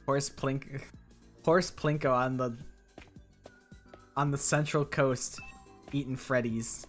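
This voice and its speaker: Low-voiced, jokey woman streamer. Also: steady tone, slow, soft background music. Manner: rambling, jokey, profane. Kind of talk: casual game-stream chat and reading.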